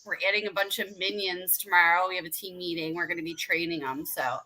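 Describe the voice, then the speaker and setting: A woman's voice: lowish voice, steady tone, fast talker, pushed and bright, low-quality recording. A woman guest talking casually about her paranormal investigation team, upbeat and laughing easily. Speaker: ghost hunter guest. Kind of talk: casual chat.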